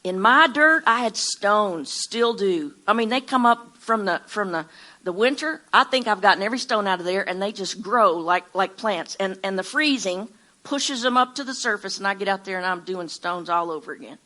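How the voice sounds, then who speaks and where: A woman's voice: mid-range voice, expressive, normal speed, bright, forceful tone. A woman from Alabama with a Southern accent, teaching an informal sermon in a folksy way, often repeating words and restarting her sentences. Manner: storytelling with acted-out quotes. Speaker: Bible teacher.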